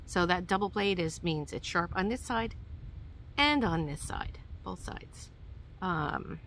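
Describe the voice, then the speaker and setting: A woman's voice: on the low side, a bit bright, a little hiss or hum. A woman with a New York accent chatting casually through her hiking gear, rambling with plenty of ums and uhs. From New York, USA. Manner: chatty, rambling with many fillers. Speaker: hiking vlogger. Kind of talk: casual show-and-tell.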